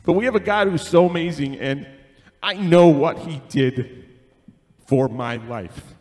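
A man's voice: on the high side, unhurried, a little mellow. A man leading a church service, praying and speaking earnestly and emotionally. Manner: emotional, earnest, tearful at times. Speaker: worship leader. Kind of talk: worship singing and prayer. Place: church sanctuary. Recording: long hall reverb with music. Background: instrumental music.

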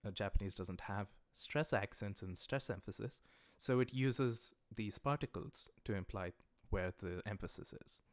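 A man teaching a livestreamed language class, explaining grammar patiently and repeating example sentences slowly. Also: on the low side, no room sound. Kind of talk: livestreamed lecture.

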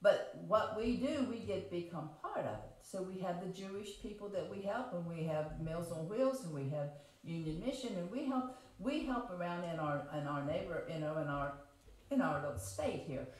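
A woman's voice: lowish voice, animated, moderate pace, hardly any pauses. A woman preaching a homespun, conversational sermon, reading scripture aloud and explaining it, repeating and rephrasing her points and asking the congregation questions. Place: church sanctuary. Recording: very echoey church room.

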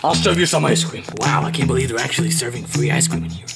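Giggly man, lively up-and-down voice. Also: mid-range voice, fast, gravelly, loud music behind the voice. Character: sly male ice cream seller. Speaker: game video voice actor. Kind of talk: playful character voicing over gameplay.

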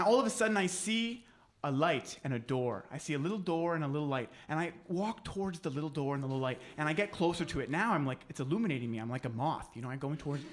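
A man's voice: fairly high pitch, a bit bright. A young man doing stand-up comedy at a live show, telling a rambling, self-deprecating story with many restarts. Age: young adult.

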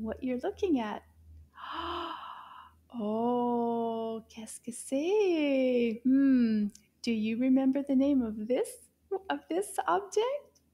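A woman teaching children, very encouraging, gasping in delight and drawing words out slowly for them to repeat. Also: high voice, mellow. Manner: encouraging, gasps and drawn-out exclamations. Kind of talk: children's language lesson.

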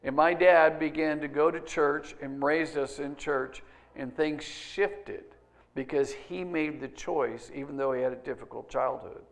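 Man preaching, hushed to loud. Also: fairly high pitch, fairly even intonation, a little slow. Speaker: pastor. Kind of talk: sermon. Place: church sanctuary.

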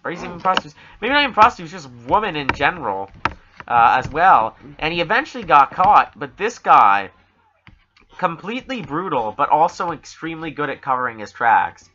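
A man's voice: on the high side, big pitch swings, a little fast, bright, forceful tone, highs cut off, a little hiss or hum. A Canadian man co-hosting a podcast, rambling and swearing through jokey casual talk. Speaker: podcast co-host.

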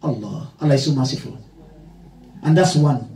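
A man's voice: medium pitch, normal speed, creaky, warm tone. A male Islamic lecturer giving a religious talk in a mosque hall, jovial and laughing often as he leads the audience in repetition. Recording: echoey hall, from far off.

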